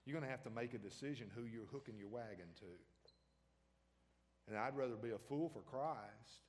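A man's voice: medium pitch, moderate pace, long reverb tail. A man preaching a sermon as pastor, talking conversationally and throwing questions out to the congregation.

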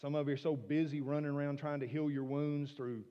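A man preaching a sermon, swinging from soft hushed asides to loud emphatic declarations. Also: on the high side, level tone, a little fast, long reverb tail, highs cut off. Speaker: pastor.

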